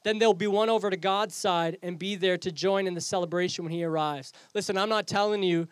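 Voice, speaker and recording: A man's voice: sits high, steady tone, a little fast, clear, resonant tone, no room sound. A man preaching a sermon as pastor, earnest and rhetorical, speaking straight to his congregation and reading scripture aloud. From Canada.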